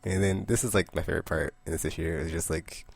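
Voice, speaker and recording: A man casually recapping a comic book issue, rambling, laughing often and slipping into quick character voices. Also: low voice, steady tone, vocal fry, breathy edge, no echo. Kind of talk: casual comic review monologue.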